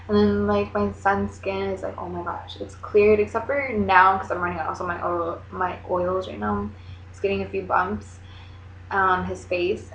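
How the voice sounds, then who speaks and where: A young woman chatting casually to her camera, rambling along with lots of "like" and quick asides. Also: medium pitch, little pitch movement, a bit bright, slight background noise. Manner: chatty, rambling, heavy use of "like". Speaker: vlogger. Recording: echoey room, dull lo-fi sound.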